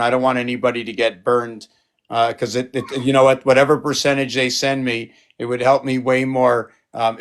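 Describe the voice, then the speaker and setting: A man showing his paintings on a live stream, talking in a rambling, playful way and jumping from excited exclamations to muttering. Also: mid-range voice. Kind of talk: casual live-stream chat.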